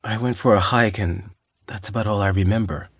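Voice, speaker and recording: A man's voice: lowish voice, steady tone, a little fast, slightly rough, dry recording, clean studio sound. A man voicing an injured, dazed hiker in an audiobook, talking in a groggy, confused way.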